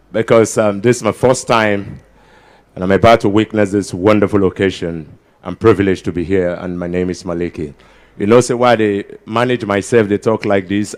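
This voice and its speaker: A man with a Nigerian accent doing stand-up comedy at a ceremony, bantering with the crowd and slipping into pidgin with sudden loud outbursts. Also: fairly low pitch. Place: large ceremony before an audience.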